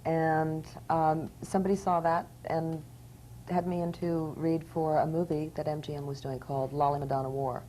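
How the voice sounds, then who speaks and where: Soft-spoken low-voiced woman guest. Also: little pitch movement, moderate pace, slight background noise, poor audio. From New York City. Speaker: actress guest. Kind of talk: casual interview chat.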